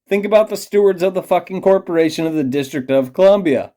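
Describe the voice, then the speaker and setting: Man, tipsy vlogger, rambling profane conspiracy rant, dark mellow tone. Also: high-pitched, fast talker. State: tipsy from drinking beer. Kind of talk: rambling monologue to camera.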